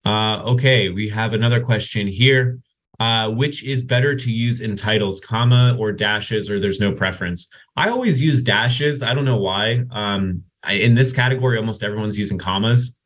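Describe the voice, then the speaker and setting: A man hosting a casual software Q&A webinar over a video call, chatty and loose. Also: lowish voice, normal speed. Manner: chatty, many restarts and "like"s. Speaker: host of software Q&A. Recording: dull lo-fi call audio.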